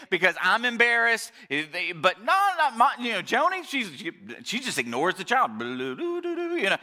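A male pastor giving a chatty Mother's Day sermon, telling stories with frequent restarts and sometimes going soft and quiet. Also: high-pitched. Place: church service, also streamed online.

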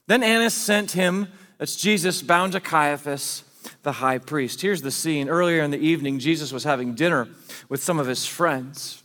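Pastor guy preaching, high voice, chatty storytelling, big echoey church. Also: normal speed, sharp tone. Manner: conversational storytelling, paraphrasing scripture in casual modern speech. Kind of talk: sermon.

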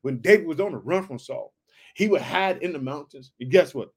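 A man preaching an energetic sermon on scripture, with a fervent, repetitive call-and-response delivery. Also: fairly high pitch, fairly quick, breathy edge.

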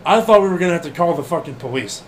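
A man co-hosting a casual wrestling podcast, animated and laughing often, swearing freely and acting out what people said. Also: fairly high pitch, very fast, slight background noise. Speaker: podcast co-host.

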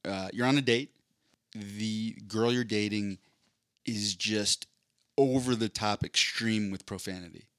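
A man's voice: fairly low pitch, steady tone, measured pace, a bit bright, dry recording, clean studio sound. A man co-hosting a casual podcast, joking around and slipping into silly voices when he quotes people. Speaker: podcast co-host.

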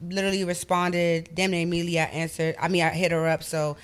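A woman's voice: lowish voice, little pitch movement, fast, clean tone. A woman hosting a podcast in casual chat, slangy and emphatic, laughing often. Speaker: podcast host.

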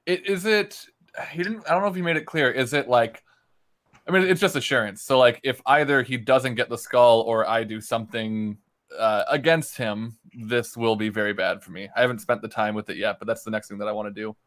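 Male player, crisp bright voice, dry sound, joking and thinking aloud. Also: medium pitch, brisk, dry recording. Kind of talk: casual tabletop game talk.

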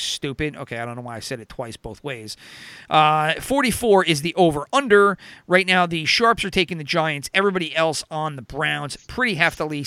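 A man's voice: fairly high pitch, pushed and bright, clean tone, dry recording. A man hosting a casual sports betting chat, rambling with lots of fillers and self-corrections. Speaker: podcast host.

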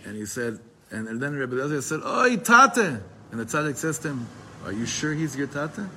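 A man's voice: mid-range voice, a bit bright. A man teaching a Torah class, reading Hebrew passages aloud and explaining them in casual, digressive English. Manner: digressive, talkative, with frequent restarts.

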